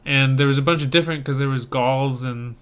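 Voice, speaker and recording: A man's voice: medium pitch, fairly even intonation, fairly quick, a bit bright, clear, resonant tone. A young adult man co-hosting a podcast, chatting casually and enthusiastically about trailers and rambling with restarts. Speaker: podcast co-host reviewing trailers. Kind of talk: casual chat.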